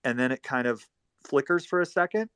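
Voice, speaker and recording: A man telling a long, rambling story in casual talk, profane, swinging between loud bursts and quiet asides. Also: medium pitch, animated, a little fast, clean tone, no room sound.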